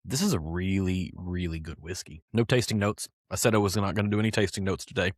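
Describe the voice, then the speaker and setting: A man's voice: low-pitched, fast talker, no echo, clean studio sound. A man hosting a casual whiskey podcast, talking loosely with plenty of fillers and asides. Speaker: podcast host.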